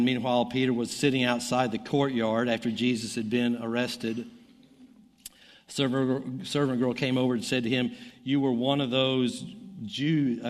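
A middle-aged man with a Southern American accent preaching a sermon, reading scripture aloud with his voice lifting for the quoted lines. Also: medium pitch. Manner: animated Bible reading, voice rising for quoted lines. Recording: long hall reverb.

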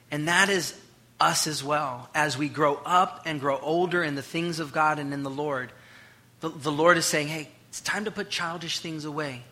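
Bright-toned preaching man, voice rising and dropping. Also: fairly high pitch, normal speed. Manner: preaching with dramatic swings between loud and hushed; acts out quoted voices. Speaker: pastor. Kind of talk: sermon.

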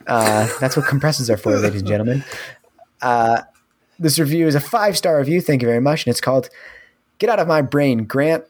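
A man co-hosting a podcast in casual chat, rambling and full of fillers. His voice sits at an ordinary pitch, close on a studio microphone. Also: expressive, a little fast. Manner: rambling, filler-heavy recommending. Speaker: podcast co-host.

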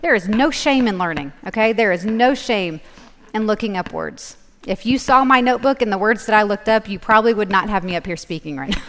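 A woman's voice: mid-range voice, a little fast, a little hiss or hum. A woman giving a live Bible study talk to an audience. She speaks casually, laughs often and keeps checking in with "okay?". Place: large hall with a live audience. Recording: echoey hall.

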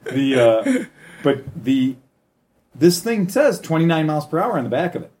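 A man in casual chat, explaining things in an animated, chatty way. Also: a little high, normal speed. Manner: animated, chatty explainer who laughs at his own jokes.

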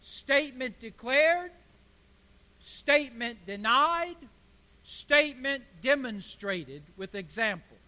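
A man preaching a sermon as pastor, emphatic and building to forceful declarations. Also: very high-pitched, lively intonation, takes it slowly. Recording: hall reverb.

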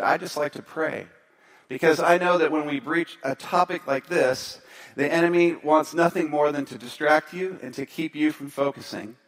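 Animated storytelling male pastor. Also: fairly high pitch. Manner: storytelling, animated, then softer in prayer. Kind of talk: sermon.

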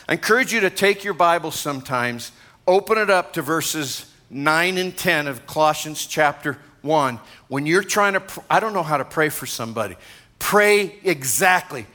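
A man preaching a lively sermon as pastor, excitable and joking with the congregation. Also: sits high. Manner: energetic, excitable, jokes with congregation.

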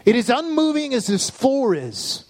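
A male pastor preaching a sermon with passion, building up and then dropping into soft, low asides. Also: wildly swooping pitch, a little slow, no echo. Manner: impassioned preaching with sudden soft, low drops.

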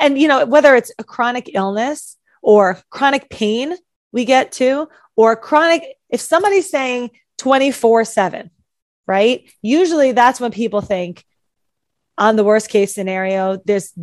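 A woman's voice: on the high side, normal speed, no room sound. A woman anxiety coach explaining on a podcast, mimicking anxious self-talk as she goes. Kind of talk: podcast conversation.

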